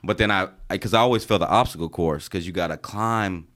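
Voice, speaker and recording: A deep, low-voiced man in his thirties tells a long Army story to friends on a casual podcast. He swears freely and gets animated when he acts out the sergeants he quotes. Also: brisk. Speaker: podcast co-host, Army veteran.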